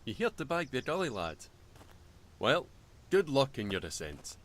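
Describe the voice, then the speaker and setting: A man voicing a gruff, hearty mountaineer in a game who teases and warns a climber. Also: medium pitch, sing-song, moderate pace, a bit bright. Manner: hearty, teasing warnings.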